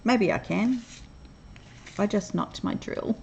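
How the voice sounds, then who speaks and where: A woman's voice: on the low side, slow, gravelly, pauses often, warm tone, breathy edge. A middle-aged woman from Australia with an Australian accent, chatting casually on a livestream, reading viewers' comments aloud and laughing often. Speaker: livestream host.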